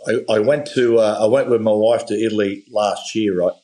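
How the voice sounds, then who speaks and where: A man's voice: lowish voice, brisk, rough recording. A middle-aged man, a podcast guest telling stories in casual chat and acting out the voices in his anecdotes. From Australia. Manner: animated storyteller, acts out voices in anecdotes.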